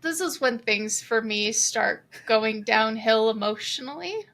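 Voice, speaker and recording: A woman on a podcast with a fairly high, sharp and bright voice. She talks in an expressive, emotional way and gushes openly about what moved her. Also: measured pace, creaky. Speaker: podcast co-host. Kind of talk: casual podcast chat.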